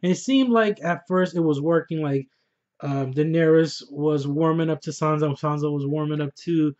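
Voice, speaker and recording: A man doing a casual spoiler review of a TV episode, excitable and profane, often laughing as he talks. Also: fairly high pitch, normal speed, muffled recording. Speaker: TV show reviewer.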